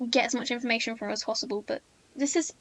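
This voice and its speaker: Excitable high-voiced british woman. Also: rapid-fire. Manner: excitable, giggly. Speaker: podcast host. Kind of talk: casual chat.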